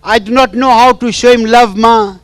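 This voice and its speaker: A man's voice: extremely high pitch, fairly even intonation, moderate pace, dry recording, pitched above the performer's own voice. A man acting out a young wife who cries and pleads with her absent mother. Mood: pleading. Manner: tearful, pleading, repeating "Ma".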